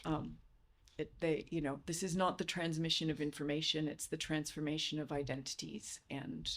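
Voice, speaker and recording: A woman's voice: low voice, level tone, moderate pace. A woman lecturer reflecting earnestly on teaching in a podcast conversation, starting with hesitant restarts. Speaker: university lecturer. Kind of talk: reflective podcast guest talk.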